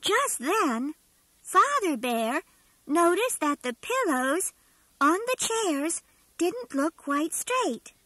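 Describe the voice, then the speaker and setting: A woman voicing a cheerful toy bear storyteller, reading a storybook tale in a slow, sing-song, emphatic way. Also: very high voice, big pitch swings, bright, forceful tone, dry recording, full character voice. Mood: gentle, storytelling. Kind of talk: scripted storybook narration.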